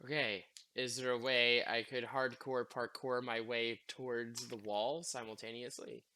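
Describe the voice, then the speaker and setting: A man in casual tabletop play, joking with the game master and speaking in first person as his character. His voice is bright and clear, and he sounds playful. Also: medium pitch, level tone, unhurried. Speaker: player.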